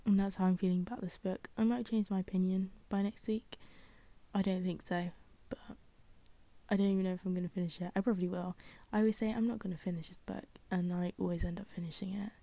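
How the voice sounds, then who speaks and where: A young woman rambles through a casual solo podcast, full of fillers and self-deprecating asides. Her voice is low with a gravelly fry. The sound is dry and mellow, with no room around it. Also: steady tone, fast talker, no echo. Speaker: podcast host.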